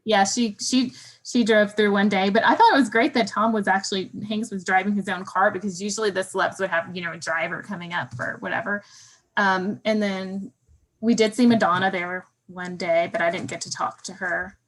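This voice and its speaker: Museum lady guest, mid pitch, chill storytelling, lots of ums and little laughs. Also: steady tone, fairly quick. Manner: easygoing anecdotes with fillers, soft laughs. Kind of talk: casual chat.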